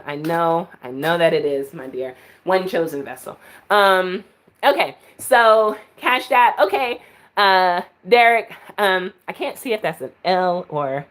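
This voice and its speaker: Chatty woman doing psychic readings. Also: mid-range voice. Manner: chatty, with filler words and laughs. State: out of breath. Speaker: psychic reader. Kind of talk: live-stream reading.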